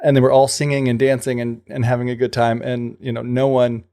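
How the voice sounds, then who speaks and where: Male podcast co-host, mid-pitched and gravelly, casual chatty folk-tale retelling. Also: little pitch movement, brisk, warm tone. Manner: loose storytelling peppered with fillers and paraphrased quotes.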